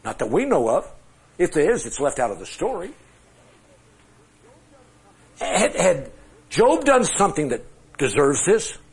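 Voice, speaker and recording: A man's voice: on the high side, sing-song, a little slow, creaky, long pauses. A middle-aged man teaching a Bible class with charts, talking conversationally, asking the class questions and joking at his own expense. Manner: self-deprecating humor.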